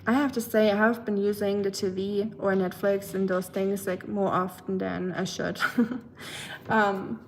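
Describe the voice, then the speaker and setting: Speaking in a steady, mid-range voice at a measured pace, a young woman from Germany chats with her livestream viewers in her German accent. She's chatty, a little rambling and self-teasing, and the low-quality recording carries some hiss or hum.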